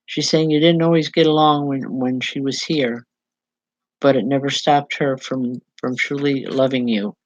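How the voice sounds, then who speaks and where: A woman medium giving a live spiritual reading to viewers, speaking in halting, repeated phrases with soft reassurance. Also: extremely low pitch, fairly even intonation, no echo, muffled recording. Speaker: psychic medium.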